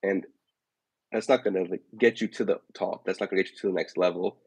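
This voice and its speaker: A man co-hosting a casual chat, giving measured, thoughtful opinions. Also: deep voice, steady tone, a little mellow, slightly rough, no room sound, low-quality recording. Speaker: podcast co-host.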